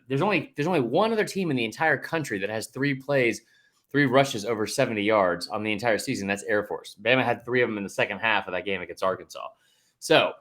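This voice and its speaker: A man's voice: medium pitch, fairly bright tone. A man co-hosting a sports podcast in casual chat, heated and emphatic, rambling through fillers and restarts and swearing when he gets fired up. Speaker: podcast co-host.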